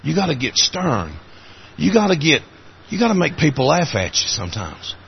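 A husky-voiced man with an Appalachian accent preaches a folksy sermon, his pitch swinging widely as he tells stories. His voice climbs high and cracks in the moving parts. The recording sounds muffled and low-fidelity. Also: huge pitch swings, moderate pace.

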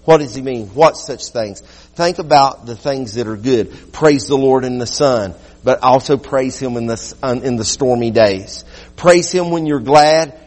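A man preaching a sermon as pastor, swinging between loud quick bursts and low slow passages. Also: in a large hall.

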